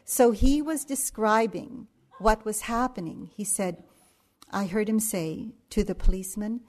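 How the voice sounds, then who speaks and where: A middle-aged woman meditation teacher telling a story in a dharma talk, unhurried and anecdotal, with frequent pauses and fillers. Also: medium pitch, darkish tone.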